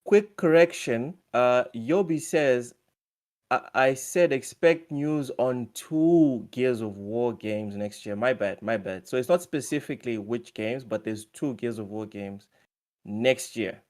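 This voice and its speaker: A man's voice: mid-range voice, a little slow, darkish tone. A man hosting a casual gaming live stream, reading viewer comments aloud in a loose, chatty way. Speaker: stream host running a quiz.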